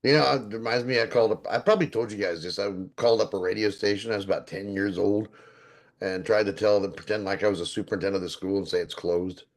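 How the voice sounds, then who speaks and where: Man, low voice, jokey, anecdotes, casual chat. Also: quick pace. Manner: joking, anecdotal. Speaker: podcast co-host.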